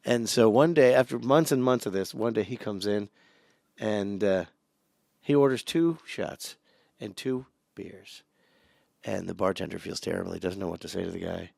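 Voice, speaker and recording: A man co-hosting a podcast in casual chat, an animated storyteller who acts out the people in his jokes. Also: on the low side, moderate pace, vocal fry, dry recording, studio quality. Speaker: podcast co-host. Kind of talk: casual chat, telling a joke.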